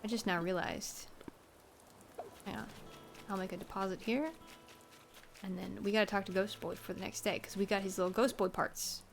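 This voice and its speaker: A woman's voice: mid-range voice, steady tone, moderate pace, vocal fry, long pauses, a little hiss or hum. A woman streamer chatting casually while she plays a game, wry and self-mocking with rambling asides. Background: faint game music.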